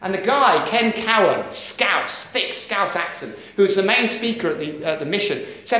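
A middle-aged man preaching a sermon in a lively, conversational way, often checking that his listeners follow. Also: sits high, moderate pace, hardly any pauses. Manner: lively, conversational, keeps asking "does that make sense?". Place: church hall. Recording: echoey church hall.

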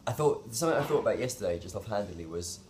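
A man's voice: fairly low pitch, animated, rapid-fire, darkish tone, slight background noise. A man talking in a casual daily vlog, rambling and reflective, with many fillers and restarts. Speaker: vlogger.

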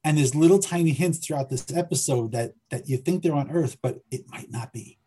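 Hesitant man with dark husky voice. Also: a little high, a little fast. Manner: hesitant, repeats words while thinking aloud. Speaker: filmmaker and writer guest. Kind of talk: conversational interview.

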